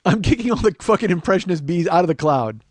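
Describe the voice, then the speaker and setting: A man's voice: sits high, lively intonation, fast, no room sound. A man in his forties hosting a comedy podcast, ranting in a rambling, profane, self-mocking monologue. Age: 40s.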